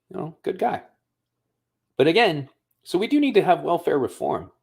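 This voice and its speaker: A man's voice: fairly high pitch, creaky, a little mellow, slightly rough. A man from the United States talking casually on a livestream, telling a personal story in a profane, conversational way. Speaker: streamer.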